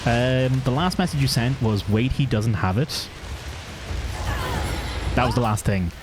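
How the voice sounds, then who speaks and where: A man streaming a video game, giving casual commentary in a dry, flat-sounding way. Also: medium pitch, measured pace. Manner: self-described monotone, dry and offhand. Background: game music.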